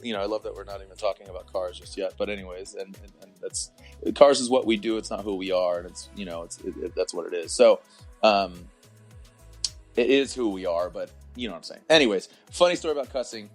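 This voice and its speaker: A man's voice: lowish voice, fast talker, faint music behind. A man, a podcast guest telling a rambling story full of restarts. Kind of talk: casual podcast chat.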